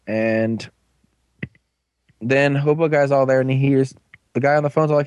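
A man in casual chat, rambling through an episode recap as a podcast co-host and often breaking into quick quoted voices. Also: mid-range voice, little pitch movement, a little mellow, no room sound.

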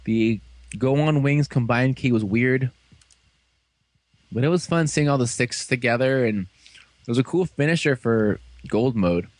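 A man casually recapping an episode for friends, animated and full of fillers, slipping into quick voices for the characters. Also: mid-range voice, no room sound. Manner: animated storytelling, fillers and quick acted quotes. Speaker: fan reviewer recapping an episode.

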